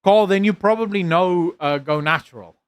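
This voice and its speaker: A man's voice: high-pitched, normal speed, smooth, no echo. A man from South Africa with an American-leaning South African accent, chatting casually on a live stream, rambling and self-deprecating, with lots of fillers and restarts. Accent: South African with an American-leaning lilt. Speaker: streamer reading chat.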